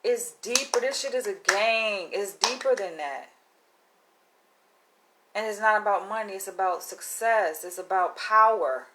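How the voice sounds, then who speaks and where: A woman's voice: mid-range voice, a little slow, fairly bright tone, a little hiss or hum. A woman vlogger talking casually to camera in a slangy, emphatic, profane way.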